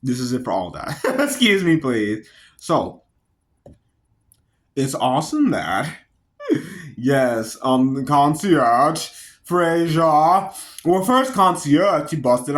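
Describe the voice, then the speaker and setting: A man's voice: a little high, takes it slowly, long pauses. A man giving a casual, rambling movie review, giggling often and jumping between tangents. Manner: excitable, jumps between tangents.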